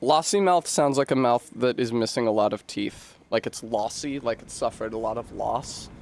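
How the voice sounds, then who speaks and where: A man's voice: medium pitch, normal speed, darkish tone. A man streaming a video game in casual chat, rambling and joking while he answers his chat. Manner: rambling, jokey, talks back to chat.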